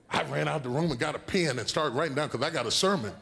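A man preaching a sermon to a congregation. He builds into shouted, half-sung preaching and breaks into long counting runs. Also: on the high side, fast, gravelly, hardly any pauses, husky. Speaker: pastor.

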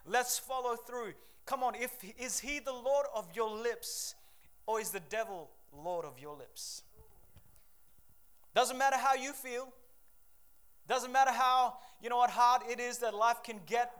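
High-pitched guy preaching, fired up, lots of come on and amen. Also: clean tone. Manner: energetic call-and-response preaching with Bible readings. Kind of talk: sermon.

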